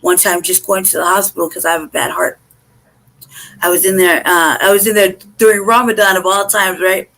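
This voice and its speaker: A woman's voice: fairly low pitch, fairly even intonation, fairly bright tone, poor audio. A woman hosting an online show, telling a story in casual, emphatic and profane talk, with strings of rhetorical questions. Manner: asks rhetorical questions in rapid runs. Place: live online stream from home.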